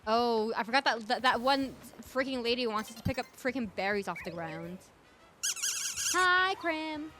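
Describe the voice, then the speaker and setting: A woman's voice: a little high, a little fast, hardly any pauses, fairly bright tone, soft background music. A woman streamer chatting casually over a game, her voice stuffy from congestion, rambling and talking to her chat. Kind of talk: casual gameplay commentary.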